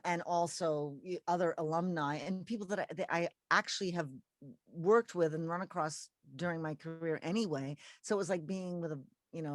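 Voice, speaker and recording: A low-voiced woman from Canada chats loosely and laughs often, poking fun at herself. She talks over a video call. The sound is close and dry, with no room around it. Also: no room sound. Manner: laughing, chatty, self-deprecating. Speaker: guest singer. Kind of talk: casual video chat.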